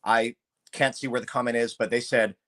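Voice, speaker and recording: A man's voice: mid-range voice, brisk. A man hosting a live true-crime show, talking steadily and going through a call transcript. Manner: steady, reads transcript aloud. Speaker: show host.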